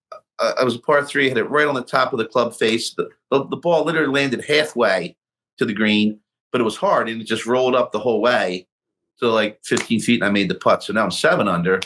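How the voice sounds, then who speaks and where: Animated middle-aged man telling a golf story. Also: medium pitch. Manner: animated storyteller, acts out his own past lines. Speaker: guest golfer telling his story. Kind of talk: casual storytelling interview.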